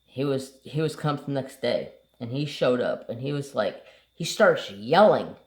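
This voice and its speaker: A man hosting a craft channel, telling a story in a relaxed, rambling way and swearing casually. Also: mid-range voice, unhurried. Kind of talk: casual storytelling while painting. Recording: roomy echo.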